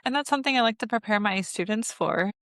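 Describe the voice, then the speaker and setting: A woman's voice: a little high, quick pace, a bit bright, no echo, clean studio sound. A woman hosting a podcast as a birth educator, talking in an earnest, reflective way with frequent fillers. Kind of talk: casual interview chat.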